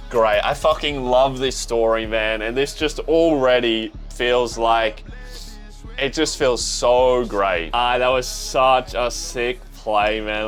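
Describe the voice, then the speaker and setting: A young Australian man hosting a manga reaction video, gushing and swearing with excitement as he reads panels aloud between his reactions. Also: mid-range voice, takes it slowly, faint music behind. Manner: excitable, swears freely, gushes. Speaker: reaction channel host.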